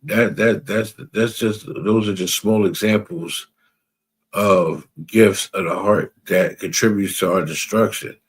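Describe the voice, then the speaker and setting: Man, religious class teacher, husky and low, emphatic preaching, quotes scripture. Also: steady tone, slow pace. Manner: emphatic, repeats phrases, asks "you understand?"; reads out scripture verses.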